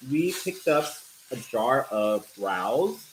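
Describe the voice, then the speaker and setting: Playful animated man with an echoey sound. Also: mid-range voice, takes it slowly, slight background noise. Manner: playful and animated, jokes along. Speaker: co-host of a live cooking stream. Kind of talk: casual chat.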